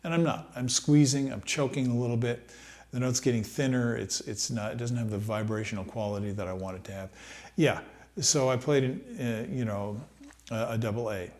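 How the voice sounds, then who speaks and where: A middle-aged man talks through a trumpet lesson in an easy, reflective way. He speaks at a middling pitch and fills his pauses with small hesitations as he works out his thoughts. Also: darkish tone. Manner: thoughtful, unhurried, thinks aloud with many fillers. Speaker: trumpet teacher. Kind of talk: relaxed practice-room lesson.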